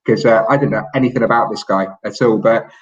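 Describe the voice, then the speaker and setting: A man's voice: lowish voice, fairly even intonation, quick pace. A man co-hosting a sports podcast in casual chat, rambling with lots of ums and restarts. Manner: rambling, many fillers and restarts. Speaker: podcast co-host and MMA pundit. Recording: echoey, muffled remote mic.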